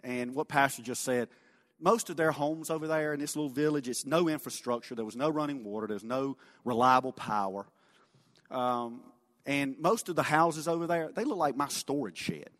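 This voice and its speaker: A man telling a folksy mission story in a sermon, animated, then dropping quiet for emphasis. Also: mid-range voice, moderate pace. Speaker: lay speaker sharing a mission story. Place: church sanctuary. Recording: long church reverb.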